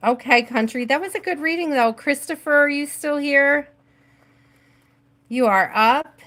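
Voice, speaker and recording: A woman's voice: high-pitched, measured pace, fairly bright tone. A woman hosting a live tarot stream, chatting casually with viewers, laughing often and greeting them by name.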